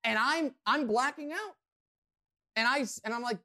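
Excitable man telling a wild story. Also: very high voice, normal speed. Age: adult, past college. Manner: excitable, rambling, self-mocking. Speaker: podcast host. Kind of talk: animated storytelling.

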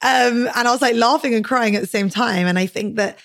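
A woman's voice: on the high side, brisk, gravelly, fairly bright tone. A young adult woman hosting a podcast in casual chat. She talks chattily, filling her speech with "like" and swearing freely. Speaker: podcast host.

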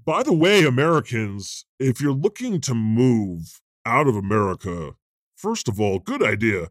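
A man playing God as a chatty, irreverent deity hosting a comedy podcast. He rambles through stories in a mid-pitched, easily amused voice. The recording is dry and close. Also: very animated, measured pace, dry recording. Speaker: host. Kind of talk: improvised comedy podcast banter.

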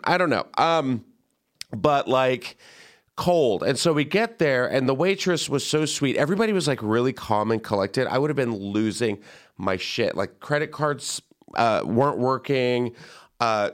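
Young guy chatting on a podcast, smooth clear voice, lively, does little voices for people. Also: medium pitch. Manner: animated, quick asides, acts out quoted voices. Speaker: podcast host. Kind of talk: casual storytelling chat.

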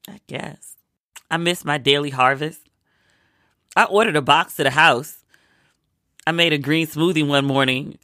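Sick vlogger from maryland rambling casually, bright tense voice, dry close sound. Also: medium pitch, measured pace, pauses often, no echo. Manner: chatty storyteller, acts out quoted lines. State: sick with a cold. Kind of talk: casual chatty monologue.

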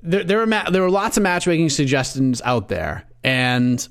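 A man co-hosting a casual podcast about fights, laying out his past opinion in a relaxed way. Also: on the high side, moderate pace, clean tone. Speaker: podcast co-host.

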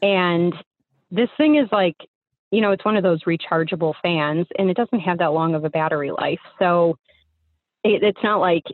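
A woman's voice: on the low side, normal speed, no echo. A young woman on a remote call, telling a personal story casually and rambling with fillers and restarts. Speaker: guest storyteller. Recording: tinny phone-like line.

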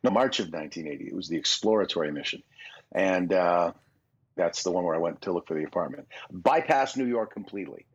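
In this clip, the Canadian voice actor in his sixties sounds animated and brisk, his low-pitched voice a little rough as he rambles through self-deprecating memories for a casual podcast interview. It's a dull lo-fi recording.

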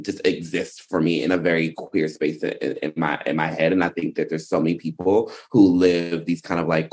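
Man, very deep voice, podcast co-host, rambling, earnest. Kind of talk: casual podcast chat.

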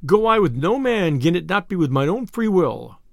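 A man's voice: high voice, sing-song, normal speed, vocal fry, dry recording, studio quality, heavily acted. A man reading aloud, voicing a boisterous, boastful male tinker in an audiobook tale. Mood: blustering. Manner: loud, boastful old-style speech.

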